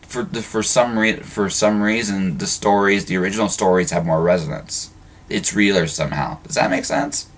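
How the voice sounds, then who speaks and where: Deep-voiced man hosting a podcast. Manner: halting, with frequent restarts and repeated words. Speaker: podcast host. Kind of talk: casual conversational interview.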